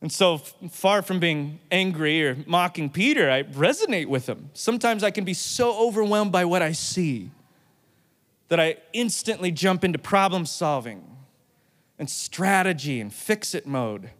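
Male pastor, high voice, lively and jokey sermon delivery. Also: moderate pace. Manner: playful, animated, acts out quotes.

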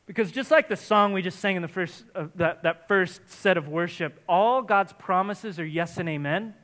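Guy pastor preaching, high bright voice, gets loud and punchy. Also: moderate pace, hardly any pauses. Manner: emphatic, rising to near-shouting exhortations. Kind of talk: sermon. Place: church in Santa Barbara area.

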